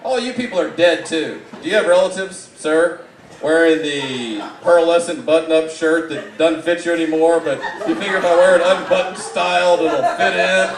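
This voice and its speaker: A man with a fairly high voice delivers a live comedy roast, mocking and rambling, now and then breaking into loud outbursts. He sounds well away from the microphone in an echoey room, with clear background noise underneath. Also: steady tone, normal speed. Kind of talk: live stand-up roast set. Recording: echoey room, distant mic, audible background.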